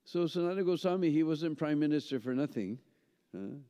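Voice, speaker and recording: A man's voice: a little high, animated, a little fast, warm tone, clear, resonant tone. A man tells a story at a seminar, checking in with listeners by asking "hmm?" and "huh?" as he goes. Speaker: seminar speaker. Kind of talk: storytelling lecture. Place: temple hall. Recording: dull sound with long hall reverb.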